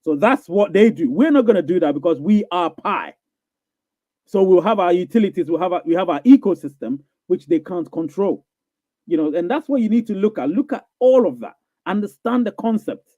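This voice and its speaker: A man's voice: sits high, expressive, fairly quick, warm tone, no room sound. A man hosting a live question-and-answer stream, reading viewer comments and answering in an emphatic, repetitive way, often asking if listeners follow him. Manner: emphatic, repeats phrases, asks "you get what I'm saying?". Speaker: live Q&A show host. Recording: thin phone-like audio.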